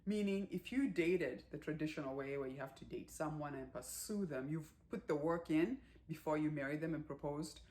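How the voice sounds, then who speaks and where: A woman giving a casual movie recap, chatty and animated, with lots of fillers and acted-out quotes. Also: low-pitched, normal speed, hardly any pauses. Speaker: movie reviewer.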